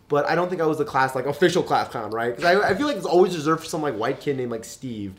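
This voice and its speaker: A man's voice: a little high, animated, quick pace. A young man telling loose, profane stories in a casual podcast chat, full of fillers and asides. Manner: loose and profane, many fillers, puts on his mother's voice in quotes. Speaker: podcast guest.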